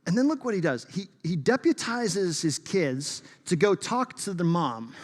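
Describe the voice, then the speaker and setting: Man, pastor, sermon, emphatic, loud-to-hushed swings, higher voice, long hall reverb. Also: very animated, unhurried. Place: church sanctuary.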